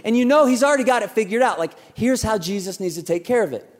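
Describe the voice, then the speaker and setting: A man's voice: high-pitched, animated, fast talker, few pauses. A man in his thirties preaching a sermon in a church, talking conversationally with rhetorical questions and acting out bits of dialogue. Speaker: pastor. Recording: church hall with long reverb.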